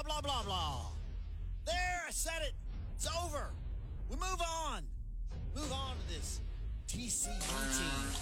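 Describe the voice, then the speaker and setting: A man's voice: extremely high pitch, exaggerated voice. A man putting on a rambling, folksy football coach giving a mocking pep talk to his team, over music. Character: gruff blustering male football coach. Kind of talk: comic pep-talk monologue.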